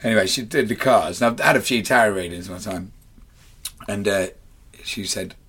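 Husky Essex man telling a story. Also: fairly low pitch, normal speed. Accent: Essex English. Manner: animated storyteller, swears freely, laughs mid-story. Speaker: podcast co-host. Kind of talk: casual banter and anecdote.

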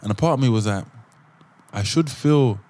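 A man's voice: mid-range voice, normal speed, darkish tone. A man co-hosting a podcast, chatting in a reflective way with frequent restarts. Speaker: podcast co-host. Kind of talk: casual chat.

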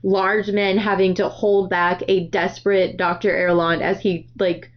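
A woman hosting a casual book-club podcast, animated and laughing often. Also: medium pitch, measured pace. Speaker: podcast host. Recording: dull lo-fi sound.

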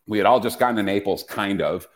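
A man's voice: on the low side, quick pace. A man hosting a casual podcast, ranting with profanity and frequent restarts. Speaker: podcast host.

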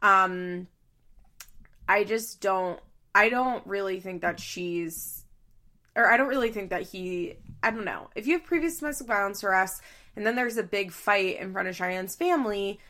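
A woman's voice: medium pitch, moderate pace, bright, forceful tone. A woman chatting casually and giving strong opinions while recapping a reality show, slipping into other voices for quotes. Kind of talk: casual chat.

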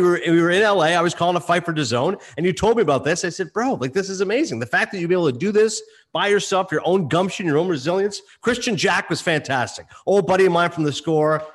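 Fast-talking husky man. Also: high voice. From Toronto, Canada. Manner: animated storyteller, quick banter, laughs often. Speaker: guest, sports broadcaster. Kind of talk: casual podcast chat.

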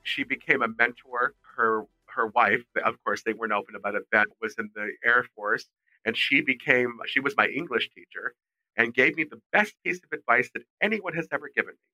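A middle-aged man, a fashion designer, telling animated stories as a guest in a podcast interview. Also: mid-range voice, brisk, no echo, low-quality recording. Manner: animated, expressive storyteller. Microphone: remote call mic.

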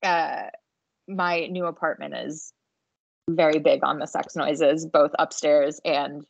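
Halting young woman on a dull mic. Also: sits low, fairly even intonation, vocal fry, no room sound. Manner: halting, restarts often, swears casually. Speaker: podcast co-host. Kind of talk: casual recap chat.

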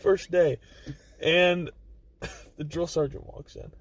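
A man guest on a podcast, telling a story in a casual, animated, profane way. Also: a little high, slow, far from the mic, slight background noise.

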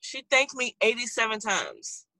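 A woman co-hosting a casual chat, telling stories in an animated way and laughing often. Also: a little high, a little slow, dry recording, poor audio.

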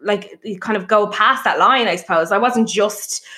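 A woman's voice: mid-range voice, moderate pace. Blunt, sweary woman chatting. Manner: blunt, sweary, animated storytelling. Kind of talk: casual chat.

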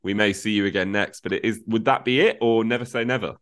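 A man's voice: lowish voice, quick pace, fairly bright tone. A man interviewing a guest on a podcast, often repeating words as he frames his questions. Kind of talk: casual interview.

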